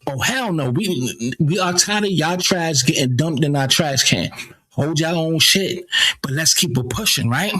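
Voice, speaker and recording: A man's voice: fairly high pitch, expressive, moderate pace, a bit bright, husky. A man from the United States hosting a casual commentary show, blunt and profane, often stammering and repeating himself. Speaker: commentary channel host.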